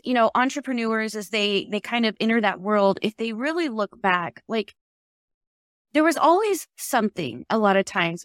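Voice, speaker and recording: A woman with a high, bright-pitched voice hosts a podcast in easy, casual chat. She talks in an animated way, stacking up fillers and restarting her sentences. The sound is close and dry, with no room around it. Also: no echo. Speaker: podcast host. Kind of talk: casual conversational interview.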